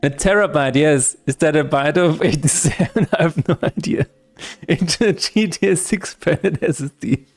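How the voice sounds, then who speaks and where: A man livestreams his game-development work, chatting casually while coding, joking, rambling through asides, and laughing often. His voice is fairly high and his pace normal.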